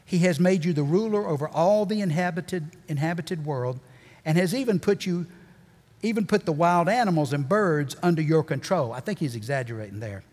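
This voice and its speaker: A pastor delivers a folksy, animated sermon, slipping in jokes and hammering points home by repeating them. His voice sits a little high for a man, and long reverb from the church sanctuary trails after every phrase. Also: normal speed. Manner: folksy, animated preaching with joking asides and repeated emphasis.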